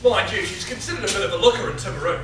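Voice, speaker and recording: An actor playing a cheeky young New private who tells tall stories and makes sardonic jokes on stage. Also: male voice, high-pitched, very fast, lightly acted. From New Zealand. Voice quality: wisecracking, sardonic. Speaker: soldier character. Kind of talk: stage play acting. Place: theatre stage. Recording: roomy distant stage recording, noisy.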